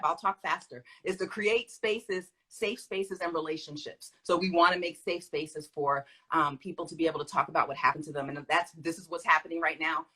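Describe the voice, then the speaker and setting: A woman's voice: low voice, bright, forceful tone, slightly rough, poor audio. A woman speaking as a guest in a conversation, teaching emphatically and animatedly with frequent laughter.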